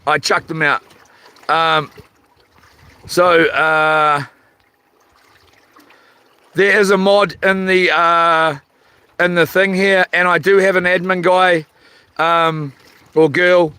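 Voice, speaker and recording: A New man streaming from a fishing rock, chatting in a halting, rambling way as he reads viewer comments, his voice a little rough and tired. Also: sits high, fairly even intonation, sharp tone, no room sound. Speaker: livestream host. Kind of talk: casual livestream chat. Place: outdoors on a rock by the water at night. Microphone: phone.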